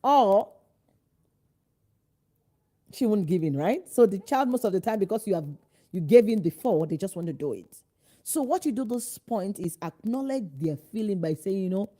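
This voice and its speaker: Woman, parenting coach; warm, mellow tone; emphatic, direct, asks the listener questions. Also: medium pitch, lively intonation, moderate pace, long pauses. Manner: acts out parents' and children's lines in changed voices. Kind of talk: instructional talk to parents.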